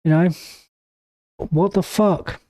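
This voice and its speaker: A man comments on a clip with indignation, cursing freely as he goes. His voice sits somewhat high yet sounds soft and mellow rather than bright. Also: steady tone, takes it slowly, no room sound. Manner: indignant, swears heavily. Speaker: reaction channel host. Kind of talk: reaction commentary.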